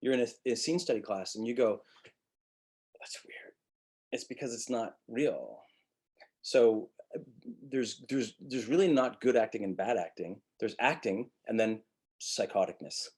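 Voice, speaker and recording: A male acting teacher gives a webinar lecture in a husky, slightly breathy voice. He talks bluntly and drops profanity freely. He breaks into short acted-out lines of dialogue to make his points. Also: on the low side. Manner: blunt, profane, animated, acts out quick quotes.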